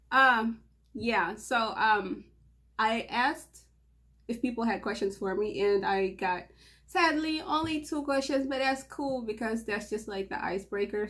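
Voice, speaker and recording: A young woman from Mauritania hosting her own channel, talking in a nervous, giggly, rambling way with frequent restarts. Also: medium pitch. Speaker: channel host. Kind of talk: casual nervous vlog intro.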